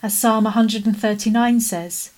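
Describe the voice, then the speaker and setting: A woman preaching a sermon in a gentle, measured way that softens into quiet prayer. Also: fairly high pitch, fairly even intonation.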